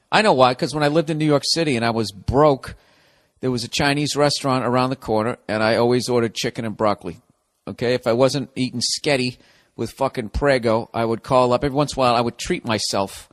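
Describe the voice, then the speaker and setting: A middle-aged man with a fairly high voice hosts his own podcast alone at the mic. He rants in a loose, profane, animated way, swearing freely as he talks. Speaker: podcast host. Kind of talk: casual solo podcast monologue.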